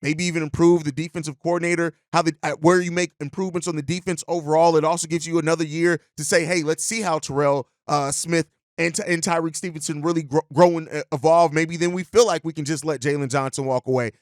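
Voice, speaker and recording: A male podcast host gives persuasive sports commentary in a rapid, slightly high voice. He is recorded close to the mic with a dry, dead sound. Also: fairly even intonation, dry recording. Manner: conversational, persuasive.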